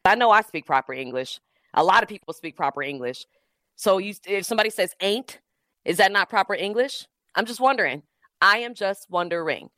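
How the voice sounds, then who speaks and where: A woman's voice: fairly low pitch, fairly bright tone, no room sound. A woman hosting a call-in radio talk show, talking in an emphatic, slangy way and firing off rhetorical questions into a studio microphone.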